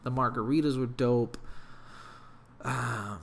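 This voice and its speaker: A man telling a story in a casual, profane, animated rant. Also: mid-range voice, slow, vocal fry, a little hiss or hum. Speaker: vlogger.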